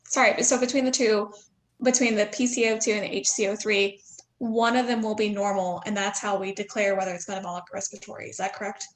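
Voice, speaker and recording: A woman's voice: mid-range voice, fairly even intonation, quick pace. A woman nursing student politely asking a question in class to check her understanding.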